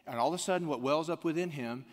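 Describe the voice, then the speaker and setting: A man's voice: fairly high pitch, fast talker. Man preaching in a reverberant hall. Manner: storytelling, conversational, calling out to the congregation. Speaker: pastor. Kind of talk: sermon.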